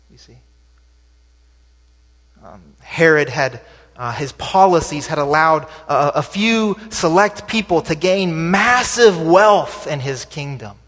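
A man with a fairly high voice gives a sermon in a church sanctuary, and it sounds conversational, with rhetorical questions thrown in. His voice climbs for emphasis and trails off quietly at the ends of phrases. The recording carries a long hall reverb. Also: lively intonation, slow. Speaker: pastor.

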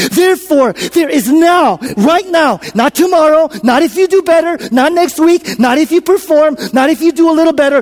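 A preacher delivering a sermon with a strikingly high voice for a man. He swings from loud declarations down to hushed whispers, repeats his points and questions the congregation. His voice rings with a long reverb through a church sanctuary. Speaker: pastor.

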